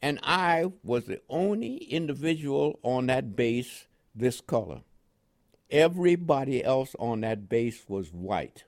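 A man's voice: medium pitch, sing-song, slow, creaky. Older man with a New York accent. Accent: New York with West Indian inflections. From Panama. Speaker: interviewee. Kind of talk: oral history storytelling.

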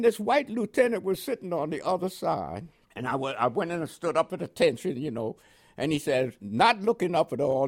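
An older man from Panama with a New York accent touched by West Indian inflections, telling his life story in an interview and chuckling often. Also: fairly high pitch. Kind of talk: oral history storytelling.

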